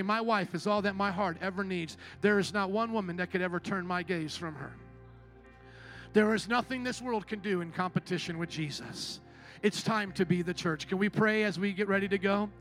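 High-voiced preaching pastor. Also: male voice, a bit bright. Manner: emphatic, rhetorical, call-and-response preaching. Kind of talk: sermon.

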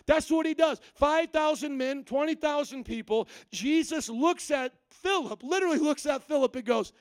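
Man, pastor, sermon, high-pitched, dry sound, playful storyteller. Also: a little fast, few pauses, no echo. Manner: animated storytelling, acting out quoted lines with humor. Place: church service.

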